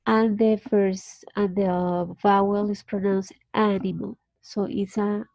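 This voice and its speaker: Colombian lady teacher walking through pronunciation, mellow dull audio, patient. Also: mid-range voice, level tone, no room sound. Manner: patient, explains slowly with restarts. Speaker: English teacher. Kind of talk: online class explanation.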